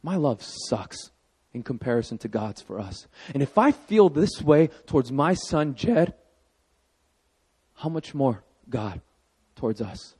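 A man in his thirties preaching a sermon as pastor, telling a personal story with animated emphasis. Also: mid-range voice, a little slow, breathy edge.

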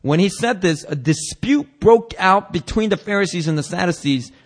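A male pastor preaching a casual, animated sermon, acting out Bible characters in changing voices and using slang. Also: high voice, moderate pace.

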